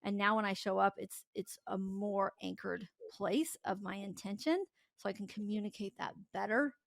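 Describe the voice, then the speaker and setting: A woman talking in a casual podcast interview, candid and lively, her voice carrying a gravelly fry. The sound is dry and close, with no room echo. She laughs often as she speaks. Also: mid-range voice, moderate pace. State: tearful. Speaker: podcast guest, company founder.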